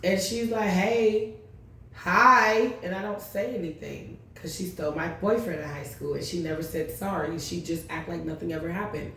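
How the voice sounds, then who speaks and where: A woman's voice: low-pitched, fairly quick, hardly any pauses, a little mellow, slight background noise. A woman hosting her tarot channel, telling a long personal story in a blunt, profane, rambling way. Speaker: tarot reader, channel host. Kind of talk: casual storytelling vlog. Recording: very echoey room.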